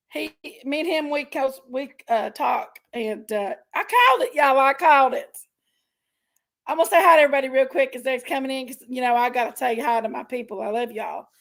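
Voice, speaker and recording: A woman hosting a casual livestream chat, rambling and greeting each viewer by name with drawn-out, effusive exclamations. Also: high-pitched, creaky. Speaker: livestream host.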